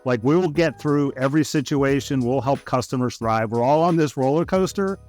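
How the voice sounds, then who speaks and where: A man's voice: mid-range voice, normal speed, a little mellow, faint music behind. A middle-aged man answering an interview question with an earnest, storytelling manner, as an executive guest. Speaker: guest, customer success executive.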